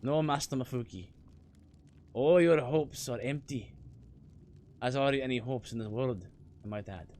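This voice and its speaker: A man reading a gloomy, fatalistic old male dwarf's game lines slowly in an attempted Scottish accent, with some stumbles. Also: medium pitch, a little mellow, natural voice. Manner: slow, solemn, faltering reading. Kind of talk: reading game dialogue aloud.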